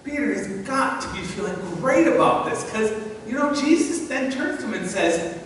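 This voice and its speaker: Male pastor, high-pitched and very expressive, chatty animated sermon, distant mic in a big echoing sanctuary. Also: normal speed, a little hiss or hum. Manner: conversational, animated storytelling with rhetorical questions. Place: church sanctuary. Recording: echoey hall, voice from far off.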